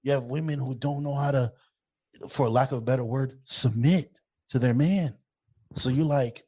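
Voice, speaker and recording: A man's voice: medium pitch, moderate pace, breathy edge. A man co-hosting a podcast in casual chat, talking bluntly and animatedly with lots of swearing. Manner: blunt, profane, opinionated, animated. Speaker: podcast co-host.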